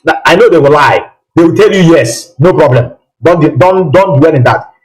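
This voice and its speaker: A man's voice: on the high side, lively intonation, normal speed, poor audio. A man hosting a live political call-in broadcast, talking emphatically with repeated rhetorical questions.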